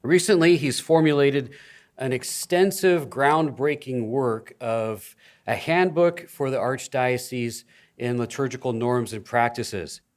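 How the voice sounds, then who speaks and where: Man, priest, formal introduction, earnest, halting restarts, mid pitch. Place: conference hall.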